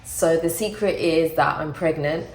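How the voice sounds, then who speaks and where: A woman chatting casually to camera in a vlog, animated and self-mocking as she shares her news. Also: low voice, unhurried, roomy sound. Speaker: vlogger.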